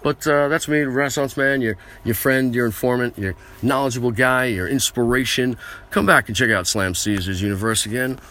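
An American man with a sharp, mid-range voice rants at a moderate pace on his own podcast, recorded from a small vehicle he uses as a mobile studio. It's a rambling comic tirade, boastful, brash and self-aggrandizing.

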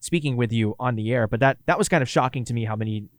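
A man's voice: mid-range voice, quick pace, no echo. Chatty Kansas-accented man, dry studio sound. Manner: chatty, laughs easily, rambling restarts. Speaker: radio co-host and producer. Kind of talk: casual chat.

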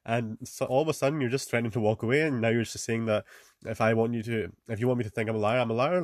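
A young man talks quickly in a loose, casual way, throwing in fillers, swears and "man" all the time. His voice sits at a medium pitch and sounds dry and close, with no room around it. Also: fairly even intonation, no echo. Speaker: podcast host. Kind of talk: casual advice monologue.

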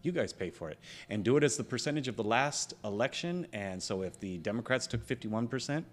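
A man's voice: medium pitch, animated, a little fast. A man co-hosting a casual podcast chat, ranting heatedly and swearing freely as he argues his opinions. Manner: parent of a school-age child. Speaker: podcast co-host.

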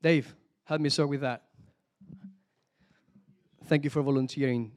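A man preaching a sermon, animated, calling out hallelujah and praise the Lord between points. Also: mid-range voice, a little slow. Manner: animated, exclamations of hallelujah, some restarts.

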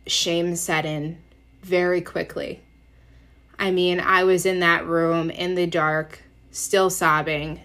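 A woman's voice: lowish voice, a bit bright. A young adult woman hosting a podcast, telling an embarrassing personal story in a candid, self-deprecating way. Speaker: podcast host.

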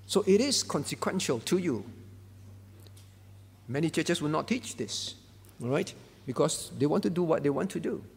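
A man's voice: on the high side, animated, moderate pace, vocal fry, long pauses, breathy edge, long reverb tail. A man preaching a sermon as pastor, emphatic and repetitive, asking the congregation questions. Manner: emphatic, repeats key phrases, asks the congregation questions.

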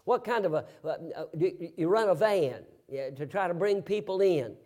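A man preaches in a high, lively voice at a normal pace, relating a story in plain folksy terms. His sermon mixes rhetorical questions with bursts of loud, emphatic shouting.

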